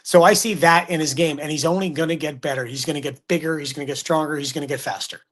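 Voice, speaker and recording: A middle-aged man talks hockey in a relaxed, chatty way. His voice sits a bit high for a man, and he slips into quoted voices as he tells his stories. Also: fast. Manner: animated storyteller, acts out quotes. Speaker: hockey broadcaster guest. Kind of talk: casual sports chat.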